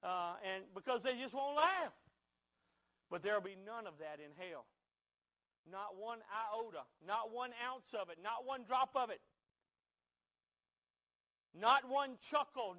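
A man's voice: high voice, sharp tone, rough recording. A man preaching a sermon, with a fervent, repetitive cadence that builds in volume.

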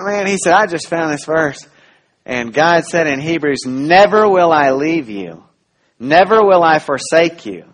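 A man preaching a sermon as pastor, earnest and full of restarts, rising to loud emphasis and dropping to soft, quiet lines. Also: a little high.

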